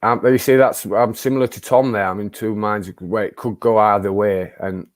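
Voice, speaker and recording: A man's voice: lowish voice, fairly even intonation, normal speed, no echo, studio quality. A man hosting a casual football chat, rambling with stop-start phrasing. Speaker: host running the prediction round.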